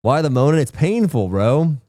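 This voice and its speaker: A man's voice: on the high side, very animated, moderate pace, mellow, no echo, studio quality. A man streamer slipping into a put-on Southern country accent, groaning and repeating himself. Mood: exasperated drawl.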